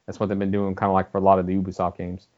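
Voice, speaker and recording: Fast-rambling man, low voice, lo-fi. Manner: rambling, animated, swears freely. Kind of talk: casual gaming chat. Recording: dull lo-fi audio.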